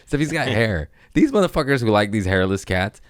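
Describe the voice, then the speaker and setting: A man with a deep, low voice hosts his podcast alone, riffing in a casual, crude way and laughing at himself. The sound is dry and close, with no room echo. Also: very animated, brisk. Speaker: podcast host. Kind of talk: casual solo podcast monologue.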